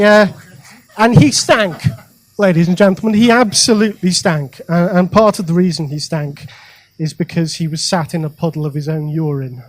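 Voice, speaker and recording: Stand-up comic, man, higher voice, chatty crowd work. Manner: conversational, addresses crowd directly, frequent ums and asides. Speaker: stand-up comedian. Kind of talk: stand-up comedy set. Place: comedy club stage.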